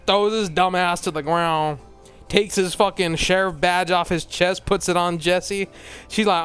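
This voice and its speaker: A man's voice: high voice, fairly even intonation, normal speed, a bit bright, clear, resonant tone, soft background music. A man ranting in a casual, rambling way, blunt and full of swearing, laughing often and trailing off into mumbled asides. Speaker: vlogger.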